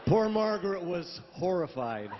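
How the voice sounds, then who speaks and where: A man's voice: high-pitched, very animated, unhurried, background noise. Man telling a funny story at a memorial. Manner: chatty, laughing storyteller. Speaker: memorial service host. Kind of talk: introducing speakers and telling an anecdote. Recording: dull audio with long hall reverb.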